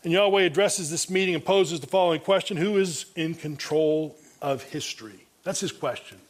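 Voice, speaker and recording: A man's voice: on the high side, normal speed. A male pastor preaching an expository sermon, reading and comparing Bible translations, often restarting his phrases. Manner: frequent restarts and repeated words.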